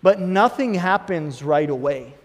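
A man in his thirties preaching a sermon as pastor, swinging between emphatic bursts and quieter asides. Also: fairly high pitch, lively intonation, measured pace. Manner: preaching with rising emphatic bursts and acted inner voices. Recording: long hall reverb.

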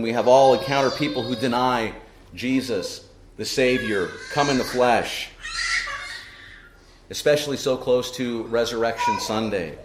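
A man's voice: mid-range voice, reverberant, slight background noise. A man delivering a sermon as pastor, earnest and preaching, often tossing in rhetorical "right?" asides to the congregation.

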